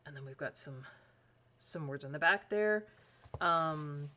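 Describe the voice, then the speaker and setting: A Canadian woman hosts a colouring channel, chatting and rambling as she flips through a book, often correcting herself and using plenty of fillers. Her voice is low, pushed and bright, a little slow, with frequent pauses.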